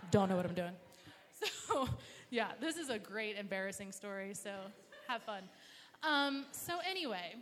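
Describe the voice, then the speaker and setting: A woman's voice: fairly high pitch, bright, forceful tone. A woman telling a personal story to a live audience, swearing often and acting out her own reactions. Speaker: storyteller at an open mic. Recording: echoey hall.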